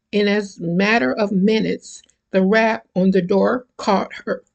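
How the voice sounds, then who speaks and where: A self-published author in their seventies reading an excerpt from their own novel in a slow, deliberate, careful way. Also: mid-range voice, creaky. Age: 70s.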